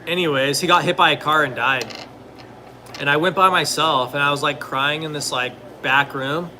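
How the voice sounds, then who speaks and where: A man's voice: fairly high pitch, steady tone, moderate pace, sharp tone, a little hiss or hum. A young man talking casually and rambling, full of fillers, now and then answering questions from viewers. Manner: rambling, filler-heavy, laid-back. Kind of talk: casual chat.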